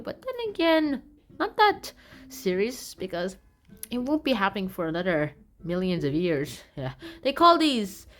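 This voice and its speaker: A woman's voice: mid-range voice, pushed and bright. A woman casually summarizing science news from a magazine, in a loose, rambling way with playful asides.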